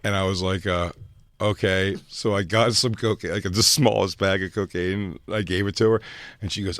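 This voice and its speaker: Low dry-voiced guy in a radio studio, crude storytelling, gets loud and high on the quotes. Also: fairly even intonation, fairly quick, dry recording. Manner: jumps loud and high when quoting himself.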